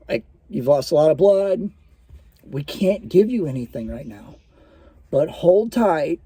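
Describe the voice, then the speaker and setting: A man quoting a calm, firm nurse. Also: fairly high pitch, no room sound, close to an everyday voice. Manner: patient, firm, reassuring.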